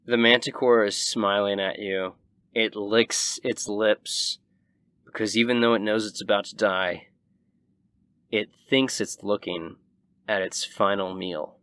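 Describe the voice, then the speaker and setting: A young man in the role of game master, narrating a tabletop game in a vivid, relaxed way. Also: on the low side, measured pace, clean tone, no room sound.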